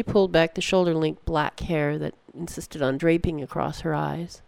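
A narrator reading a story in a steady, measured way. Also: medium pitch, vocal fry, clear, resonant tone, dry recording. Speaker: audiobook narrator.

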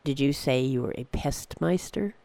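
In a medium-pitched, gravelly voice with no echo, a narrator portrays a calm old woman who has journeyed through space. The delivery is unhurried, mysterious, and cryptic.

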